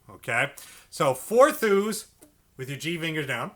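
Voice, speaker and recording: A man's voice: medium pitch, sing-song, a little slow, fairly bright tone. A man teaching beginner saxophone, explaining each step patiently and repeating key points. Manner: patient, repetitive step-by-step coaching.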